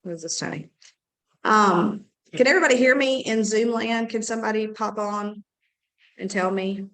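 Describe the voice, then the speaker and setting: A woman with a hoarse, scratchy voice from a cold, hosting a team meeting in an upbeat, chatty, rambling way. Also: mid-range voice, moderate pace, a bit bright. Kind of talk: casual meeting talk.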